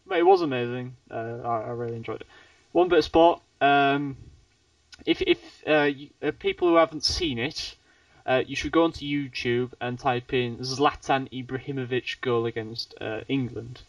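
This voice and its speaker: A man's voice: mid-range voice, animated, moderate pace, gravelly, no room sound. A man from the UK hosting a casual podcast chat, rambling with frequent laughs. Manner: laughs often, rambling with restarts. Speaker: podcast host. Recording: dull, distant podcast mic.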